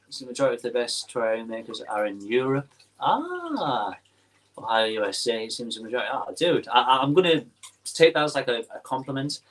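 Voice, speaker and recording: A man's voice: mid-range voice, fairly bright tone. A young man with a Teesside accent, hosting a casual livestream and chatting while he reads viewer comments aloud, with lots of ums and restarts. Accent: Teesside English. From northeast England. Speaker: livestream host.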